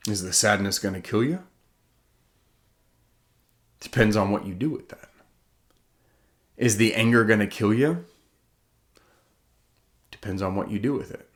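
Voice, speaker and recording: A man with a fairly low voice speaks as an author giving a heartfelt motivational talk. He is earnest and keeps asking himself questions. He pushes some lines out loud and lets others drop to a hush. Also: unhurried, pauses often. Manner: earnest, self-questioning, swings from loud to hushed.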